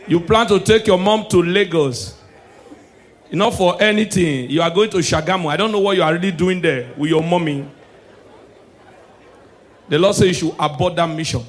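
Male stand-up comic, Nigerian Pidgin accent, high-pitched for a man; hushed sermon-style asides, shouted punchlines. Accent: Nigerian Pidgin English. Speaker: stand-up comedian. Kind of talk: stand-up comedy set.

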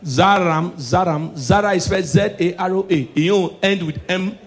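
Nigerian male stand-up comic, high voice, loud and animated on stage. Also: brisk. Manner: loud, animated punchlines mixing Pidgin and English. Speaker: stand-up comedian. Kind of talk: stand-up comedy. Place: live stage show.

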